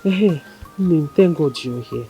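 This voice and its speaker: A woman's voice: deep voice, expressive, slow, warm tone, lo-fi sound, faint music behind, full character voice. A Nigerian woman acting as a wife left at home who plans to start a business. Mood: hopeful. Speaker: wife whose husband left for the city. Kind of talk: Nollywood film acting.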